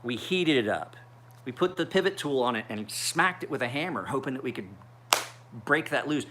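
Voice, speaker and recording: A man's voice: medium pitch, lively intonation, normal speed, bright, forceful tone, slight background noise. A man in his forties rambling through a casual livestream chat as a knife sharpener, with profane storytelling. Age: 40s. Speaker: knife sharpener streaming live.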